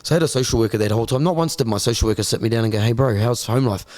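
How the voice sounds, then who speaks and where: A man's voice: mid-range voice, very fast, darkish tone. A man, a guest candidly telling his life story in an interview, blunt, swearing freely and repeating words as he searches for them.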